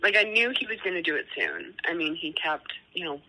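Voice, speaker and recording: A woman chatting casually with her best friend, telling a personal story full of "like" and quick laughs. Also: fairly low pitch, sing-song, sharp tone, rough recording. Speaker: podcast co-host.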